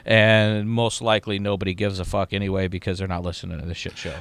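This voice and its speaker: A man's voice: low-pitched, fast talker, vocal fry, very noisy. A man co-hosting a podcast in casual chat, swearing freely and telling self-mocking stories. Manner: profane, self-mocking, animated storytelling. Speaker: podcast co-host.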